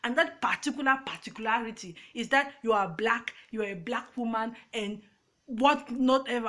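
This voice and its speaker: Talking straight to her phone's front camera, this Cameroonian-accented YouTuber delivers an emotional, emphatic rant full of restarts. Her voice is a little high with a fairly bright tone.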